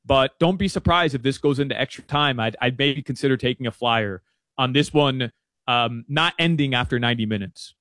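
A man giving casual soccer betting picks, rambling with repeated words and animated asides. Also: mid-range voice, fairly quick, no echo. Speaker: soccer betting analyst guest. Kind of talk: casual sports betting chat. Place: in Miami.

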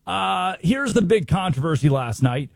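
Brisk American sports radio host. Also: male voice, sits high, sing-song, vocal fry, no echo. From United States. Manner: brisk, opinionated, rhetorical questions. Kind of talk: sports talk show.

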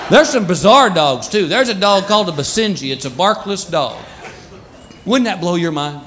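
A middle-aged male stand-up comedian telling stories in a wry, animated, conversational way before a live audience. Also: high-pitched, normal speed, background noise. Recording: live show with loud crowd laughter.

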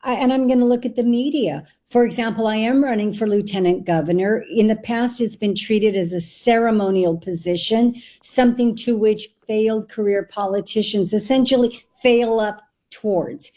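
Woman candidate, emphatic and argumentative, mellow warm tone. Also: a little high, normal speed, few pauses. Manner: emphatic, argumentative, mock-polite asides. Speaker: candidate for lieutenant governor. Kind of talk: political discussion.

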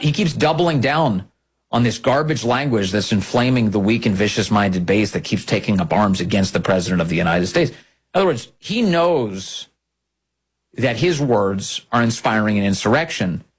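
A man's voice: mid-range voice, husky. A man hosting a political commentary show, delivering an emphatic, scornful monologue with repeated phrases.

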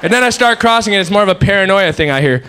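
A man's voice: sits high, expressive, very fast, sharp tone, some chatter behind, a little hiss or hum. Rambling, self-mocking stand-up man. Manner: rambling, self-mocking storytelling with sound effects. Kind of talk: stand-up monologue.

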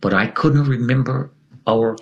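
A man's voice: measured pace, highs cut off. A man telling a dramatic personal story in an interview, speaking with emphatic swings in tone. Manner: dramatic, swings his pitch widely for emphasis. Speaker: interview guest.

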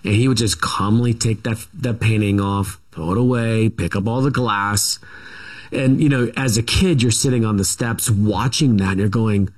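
A middle-aged man speaks as a guest in a casual interview. His voice sits fairly low, and he tells his story in a rambling, halting way, circling back with asides.

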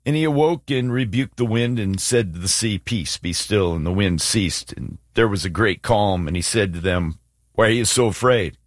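A man's voice: normal speed, dry recording, studio quality. A man co-hosting a casual Bible discussion, acting out quotes with big swings in his voice. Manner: animated, acts out quotes with swings in pitch. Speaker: co-host of a faith talk show.

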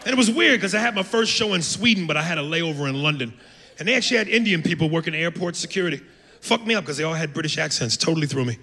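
A man's voice: on the high side, expressive, quick pace, pushed and bright. A brash, profane American man doing a stand-up comedy routine, recorded in an echoey club. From United States. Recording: echoey club with heavy noise.

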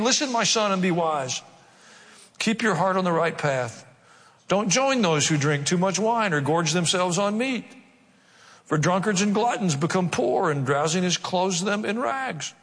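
Joking preacher in a reverberant hall. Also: male voice, high-pitched, expressive, moderate pace, a bit bright. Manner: humorous asides with mock voices. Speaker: pastor. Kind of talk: sermon.

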